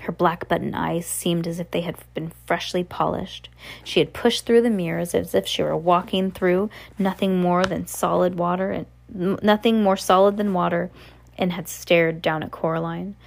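A woman reads a children's novel aloud in a relaxed, homespun manner, correcting her slips as she goes. Her voice is low-pitched with plenty of gravelly fry. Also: normal speed. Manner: casual, unpolished read with self-corrections. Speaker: reader.

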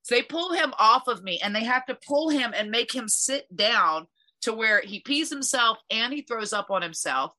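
A woman in casual chat, telling a fight story in an animated, profane way. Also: a little high, normal speed.

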